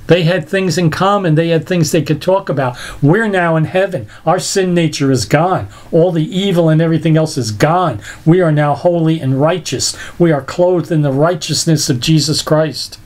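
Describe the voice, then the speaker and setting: A man's voice: fairly high pitch, moderate pace, few pauses, darkish tone. An older man preaching a sermon, telling stories with laughs and emphatic repeats. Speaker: pastor.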